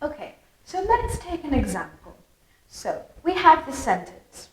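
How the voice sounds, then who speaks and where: British woman, English teacher, fairly high, melodic stressing, echoey room. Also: sing-song, unhurried. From Britain. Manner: melodic, exaggerated stress on key words. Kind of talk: lively explanatory lesson.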